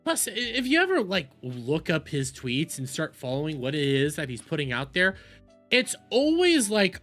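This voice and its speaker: A woman's voice: low-pitched, wildly swooping pitch, normal speed, a bit bright, soft background music. A woman streamer giving reaction commentary, ranting in exasperation and often repeating her words.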